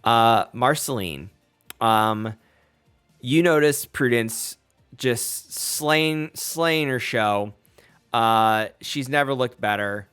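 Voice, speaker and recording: A man's voice: mid-range voice, drawn-out words, a bit bright, clean tone, soft background music. A man narrating as game master of a tabletop role-playing game, casual and rambling with many fillers.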